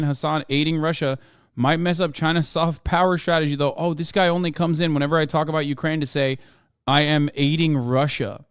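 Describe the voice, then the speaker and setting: A man's voice: a little high, clean tone. A man, giving profane, sarcastic live-stream commentary while reacting to a video. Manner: profane, sarcastic, swings loud when mocking.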